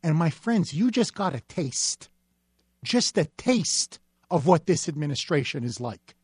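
A man's voice: on the high side, big pitch swings, unhurried, a little mellow, husky, no echo. A man hosting a talk radio show, ranting in an emphatic, indignant way at a studio microphone.

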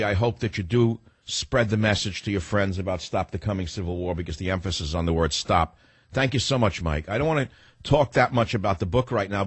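A man's voice: on the low side, husky, no room sound. A man hosting a talk radio show, firing off sarcastic rhetorical questions in a combative monologue and taking calls.

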